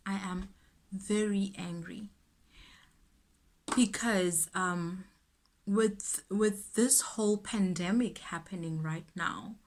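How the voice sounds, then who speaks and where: A young South African woman with a South African accent, chatting earnestly and indignantly while getting ready, with emphatic repetitions. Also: mid-range voice. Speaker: YouTuber. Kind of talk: casual get-ready-with-me chat.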